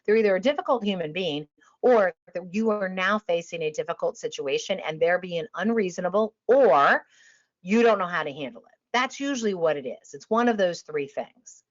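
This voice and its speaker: A woman industry trainer on a webinar panel gives a passionate talk to travel advisors, energetic and emphatic with a low-ish voice at a moderate pace. She drops to a calm, low voice to demonstrate. The online audio is muffled, dull and lo-fi.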